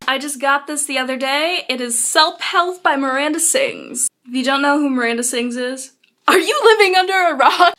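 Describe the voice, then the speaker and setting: A woman's voice: sits high, a bit bright. A teenage girl with a bubbly, sarcastic, chatty manner, reviewing books in a casual vlog. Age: teens. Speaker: video blogger.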